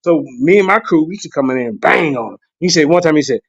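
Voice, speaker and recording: A man's voice: quick pace, gravelly, breathy edge, no echo. A man rambles through stories as a guest on a livestream, laughing as he goes. His audio is dull and lo-fi, and it sounds close and dry. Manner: rambling, laughs often, jumps into high excited voices when quoting himself. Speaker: guest on a livestream talk show. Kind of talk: casual chat.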